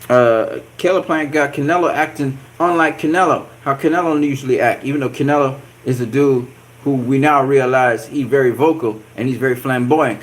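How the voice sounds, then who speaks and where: A man hosting a casual boxing commentary vlog, talking in an animated, profane way with repeated catchphrases. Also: a little high. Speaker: boxing channel host.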